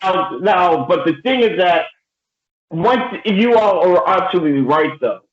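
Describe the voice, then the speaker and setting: A middle-aged man moderating a casual podcast roundtable, ranting in an animated, profane way. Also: high-pitched, unhurried, echoey room, muffled recording.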